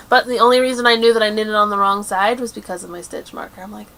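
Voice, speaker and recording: A woman hosting a crafting video podcast in casual chat, chatty and quick with asides, laughing often. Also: medium pitch, steady tone, sharp tone. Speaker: podcast host.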